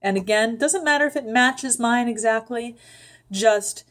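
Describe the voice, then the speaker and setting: A woman giving a calm, unhurried voice lesson, guiding the listener step by step with frequent ums. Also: on the high side. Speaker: voice teacher. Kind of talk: vocal instruction with sung demonstrations.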